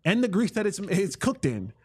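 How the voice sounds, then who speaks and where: A man co-hosting a podcast in casual chat, playful and stammering when excited. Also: sits high, moderate pace, slightly rough, dry recording. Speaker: podcast co-host.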